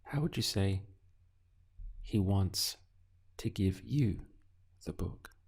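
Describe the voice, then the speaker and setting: A male language teacher speaks in a very low, gravelly voice with a husky edge. He talks slowly and patiently, posing prompts and leaving room for the learner to answer. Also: darkish tone. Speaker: Spanish teacher. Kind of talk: audio language lesson.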